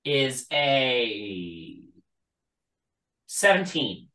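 Lively echoey game master. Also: mid-range voice. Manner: halting, lots of ums and likes. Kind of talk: running a tabletop game.

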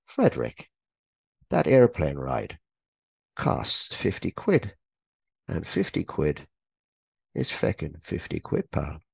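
A man's voice: extremely low pitch, huge pitch swings, takes it slowly, long pauses, pitched below the performer's own voice, full character voice. A man putting on a stingy old wife. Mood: stubborn. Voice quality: gruff, grudging, repeats herself.

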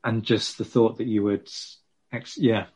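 A man's voice: on the low side, steady tone, measured pace, darkish tone, slightly rough. A man explaining history in a casual podcast chat, chatty and self-mocking.

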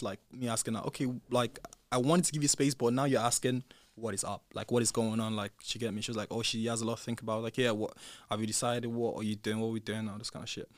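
A man's voice: medium pitch, dry recording. A young man with a British accent, a podcast guest casually retelling events and acting out the conversations with rising emphasis. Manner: animated retelling, acts out quoted dialogue, rising loud when heated. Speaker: podcast guest, former reality show contestant. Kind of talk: casual storytelling chat.

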